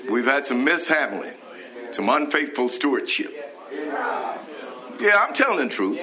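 A man's voice: mid-range voice, big pitch swings, normal speed, long pauses, crowd noise. A man preaching a fervent, scolding sermon on a live broadcast, reading scripture and breaking into hallelujahs. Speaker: pastor.

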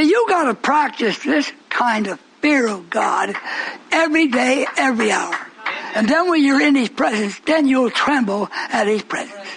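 A man preaching a sermon with passion, swinging from shouts down to whispers and rhetorical questions. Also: sits high, low-quality recording.

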